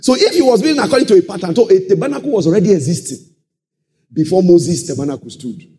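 A man preaching a sermon, calling out to the congregation and swinging into shouted and half-sung phrases. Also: sits high, fast talker. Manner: animated call-and-response preaching, sudden shouts and sung phrases.

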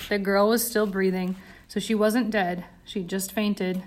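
A woman reads a tense story aloud with steady, dramatic pacing. Her narration stays controlled and clear while the story builds suspense. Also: mid-range voice, a little slow. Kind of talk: audiobook narration.

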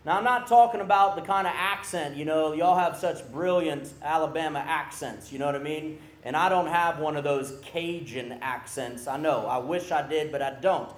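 A man preaching a sermon to a youth camp crowd, animated and calling for responses from the audience. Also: fairly high pitch, normal speed, hardly any pauses. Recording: roomy hall echo.

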